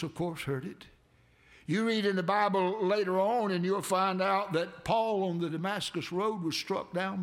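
A man preaching a sermon, with dramatic swells that build to near shouts. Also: vocal fry. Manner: dramatic preaching with sudden swells in pitch and loudness.

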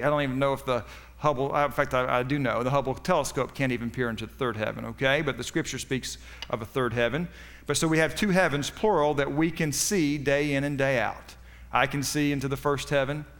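A man's voice: medium pitch, a bit bright, big-room sound. A man preaching a sermon as pastor, with a folksy, joking delivery that rises for punchlines.

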